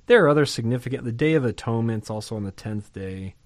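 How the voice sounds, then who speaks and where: A man's voice: mid-range voice, animated, fast talker, no room sound. A man preaching a sermon in a conversational, emphatic way, often putting questions to his listeners. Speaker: pastor.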